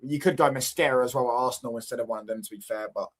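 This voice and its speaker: This young football watchalong host races along in a medium-pitched voice during his casual live stream. Full of banter with the comments, he repeats lines and keeps asking if you follow him.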